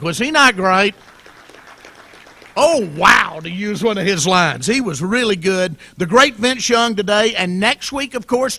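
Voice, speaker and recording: A middle-aged man emcees a club luncheon in a jovial, storytelling way. His voice sits high for a man and rings bright and forceful, and he keeps slipping in quick asides. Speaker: event host.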